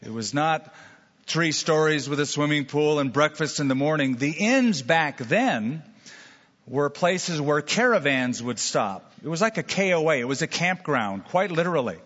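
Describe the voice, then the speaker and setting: A man's voice: fairly high pitch, expressive, normal speed, fairly bright tone. A man preaching a sermon as pastor, telling stories with folksy asides and jokes. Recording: dull long-reverb hall sound.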